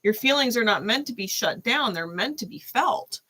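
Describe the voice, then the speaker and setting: Bright, chatty woman tarot reader. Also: on the high side, expressive, normal speed, breathy edge. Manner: casual, chatty, laughs often, frequent "right?". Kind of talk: live-stream reading and chat.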